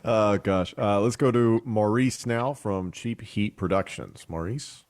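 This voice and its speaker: A man moderating a press call, brisk and light as he hands over to callers. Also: lowish voice, a little mellow, dry recording, studio quality. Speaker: host, moderator.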